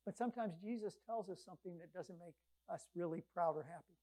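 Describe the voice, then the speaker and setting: A woman preaching a conversational sermon, retelling scripture stories with lively quoted voices. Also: lowish voice, fast talker.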